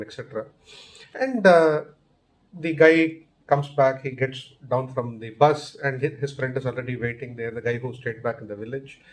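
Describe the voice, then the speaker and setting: Male host and storyteller: easygoing, unhurried delivery, fillers and restarts. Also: medium pitch. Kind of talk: casual oral storytelling.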